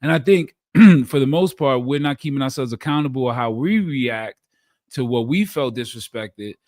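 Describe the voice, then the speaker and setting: A man's voice: mid-range voice, lively intonation, normal speed, a little mellow, no room sound, clean studio sound. A man in a casual podcast chat, talking thoughtfully, restarting sentences as he raises questions.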